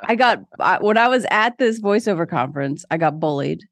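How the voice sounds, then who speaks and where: A young woman with a slightly low voice tells her stories in a casual interview. She is animated and self-deprecating, and her laugh comes easily. The sound is close and dry, with no room around her. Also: fairly quick, dry recording. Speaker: guest.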